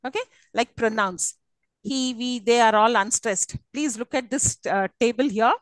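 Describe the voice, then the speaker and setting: A woman's voice: on the high side, a little slow, no echo, low-quality recording. A woman giving a university English lecture, often checking that her students follow. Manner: teacherly, checks understanding often. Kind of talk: classroom lecture.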